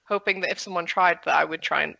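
A woman's voice: lowish voice, fairly even intonation, quick pace, creaky, sharp tone, no room sound, lo-fi sound. A woman playing a tabletop game in a brash, swearing manner. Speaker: player. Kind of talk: tabletop role-play.

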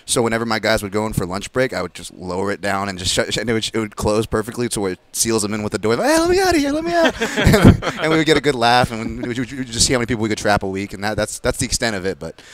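A man co-hosting a radio show, trading a joking story in quick casual banter. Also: on the low side, a bit bright, no echo.

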